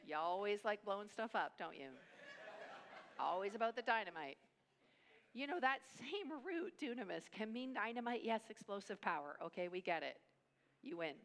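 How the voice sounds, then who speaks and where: A middle-aged woman preaching a sermon at a family camp in an animated, conversational way, acting out quotes and dropping into hushed asides. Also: mid-range voice, moderate pace, big-room sound.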